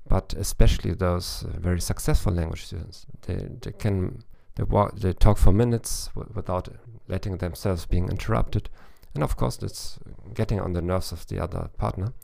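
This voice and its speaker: Gravelly low-voiced man giving advice. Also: normal speed, few pauses, warm tone. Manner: thoughtful, with frequent restarts and fillers. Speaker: language coach podcast host. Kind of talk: solo advice podcast.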